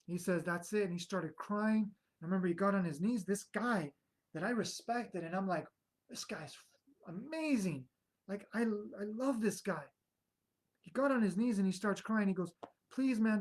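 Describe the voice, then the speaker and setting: A man's voice: sits high, poor audio. Earnest man telling his life story. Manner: earnest, rambling, restarts often. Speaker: speaker sharing a personal story. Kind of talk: candid personal testimony.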